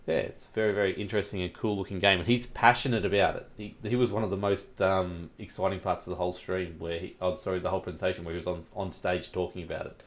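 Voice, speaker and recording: Deep-voiced man leading a podcast. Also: steady tone, fast, few pauses. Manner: leads the talk, steers topics. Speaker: podcast host. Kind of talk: casual panel chat.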